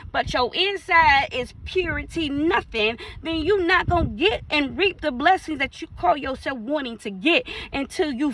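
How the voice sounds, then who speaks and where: Animated bright-voiced woman preaching. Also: sits high, slight background noise, rough recording. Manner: animated, acts out little dialogues in playful voices. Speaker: minister. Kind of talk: casual preaching.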